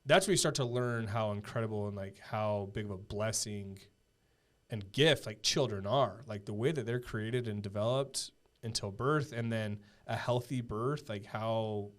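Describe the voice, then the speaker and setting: A man in his thirties with a fairly low voice, talking as a podcast guest. He tells his story casually and earnestly, stopping and restarting often, with plenty of fillers along the way. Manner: halting, filler-heavy, earnest.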